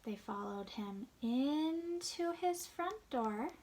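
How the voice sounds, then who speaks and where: A woman reading a picture book aloud to young children, asking them gentle questions and sometimes dropping to a hushed whisper. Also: high voice, animated, slow pace. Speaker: children's story reader.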